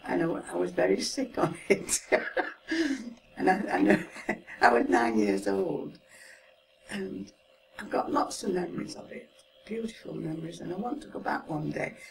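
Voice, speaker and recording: Recorded at a distance on a hissy home setup, this Mancunian woman in her seventies reminisces casually about her life for an interviewer. Her fairly low, gravelly voice moves at a normal speed with frequent pauses. She's chatty, often laughs, and tends to trail off gently.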